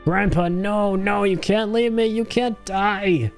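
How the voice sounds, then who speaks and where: A man putting on a shrill pleading young girl. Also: fairly even intonation, slow, soft background music. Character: young granddaughter, frantic and pleading.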